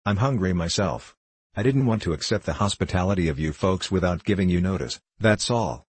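Male narrator doing a calm, low-voiced lawman, husky and unhurried, storybook reading. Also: no room sound. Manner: quiet, level, authoritative. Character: quiet stern male sheriff.

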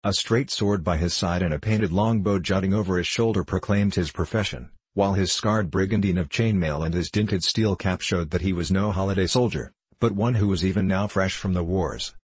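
Deep husky man narrating a book, dry close sound, measured. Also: no room sound. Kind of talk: audiobook narration.

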